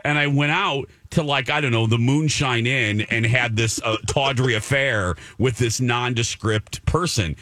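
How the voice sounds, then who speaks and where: Man, middle-aged, radio co-host, casual storytelling, animated, dry sound. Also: mid-range voice, unhurried, few pauses, no echo. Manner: animated storyteller, acting out quotes in a raised voice. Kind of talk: casual chat.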